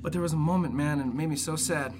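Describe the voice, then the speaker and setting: A man's voice: on the high side, rapid-fire, noisy background. Rambling young man hosting a podcast. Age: 20s. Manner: rambling storyteller, heavy on filler words; animated, slips into comic voices. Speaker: podcast host. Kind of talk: casual podcast chat.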